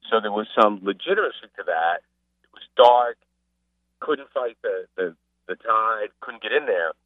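A man chatting casually as a guest on a radio show, an animated storyteller who mimics the people he describes. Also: on the low side, moderate pace, dry recording. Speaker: sports broadcaster and guest. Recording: phone line.

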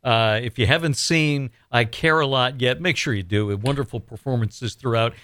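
Bright, bantering male radio host. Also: mid-range voice, moderate pace, smooth, no echo, clean studio sound. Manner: jokey, bantering. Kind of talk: casual radio interview.

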